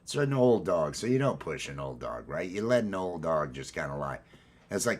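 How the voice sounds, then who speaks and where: A man's voice: low voice, very animated, moderate pace, a little mellow. Upbeat man hosting a livestream. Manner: upbeat, rambling, greets viewers. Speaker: livestream host. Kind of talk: casual livestream chat. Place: at home, green screen.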